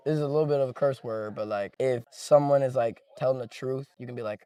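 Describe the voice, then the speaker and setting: A man's voice: medium pitch, fast talker, smooth. Young man from the Midwest, casual interview guest, laid-back, says "like" a lot, mic a little distant. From American Midwest. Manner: relaxed, laughs often, peppered with "like". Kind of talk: casual chat.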